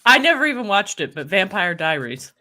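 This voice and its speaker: Lively, bright-voiced joking woman. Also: medium pitch, brisk. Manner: playful, jokey. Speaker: co-host. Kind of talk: casual group chat.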